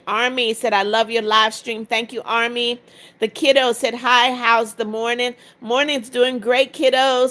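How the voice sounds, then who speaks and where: A woman in her seventies with a slightly high voice hosts a live stream, greeting each viewer by name and reading their comments aloud. She is motherly but turns firm with rude viewers. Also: a bit bright. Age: 70s. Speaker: livestream host.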